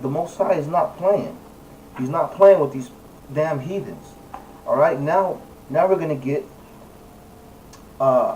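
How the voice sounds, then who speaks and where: A man's voice: medium pitch, darkish tone. A man leading a Bible study, reading verses aloud and then commenting on them emphatically, stressing and repeating key words. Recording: distant mic, faint background noise.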